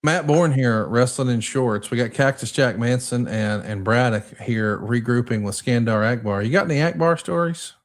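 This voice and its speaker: A man's voice: mid-range voice, normal speed, few pauses. A man hosting a casual podcast, describing old match footage and asking his co-host questions. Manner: leads with questions, narrates footage.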